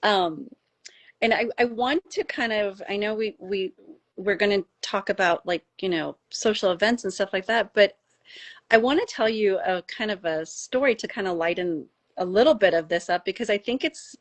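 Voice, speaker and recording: A middle-aged woman from the United States, a doctor telling a personal story in casual conversation, animated and rising high when she gets emotional. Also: normal speed. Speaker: doctor and podcast guest.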